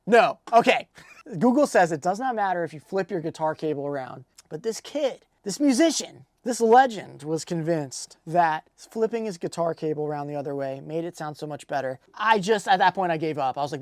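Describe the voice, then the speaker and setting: A man in his thirties, a music producer, telling a story in a casual vlog with an animated, exasperated manner. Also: high-pitched, brisk, dry recording. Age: 30s.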